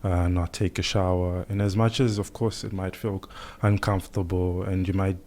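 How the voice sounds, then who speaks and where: Man, fairly low voice, calm measured explainer, podcast guest. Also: a little hiss or hum. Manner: calm, measured, explanatory, many "you know"s. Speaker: guest doctor. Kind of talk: radio podcast interview.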